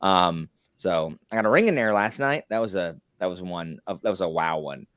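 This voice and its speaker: A man's voice: low voice, expressive, normal speed, fairly bright tone, clean tone, no echo, studio quality. A man hosting a casual podcast, chatty and teasing, talking over a computer mic on a call. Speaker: podcast host. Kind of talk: casual chat.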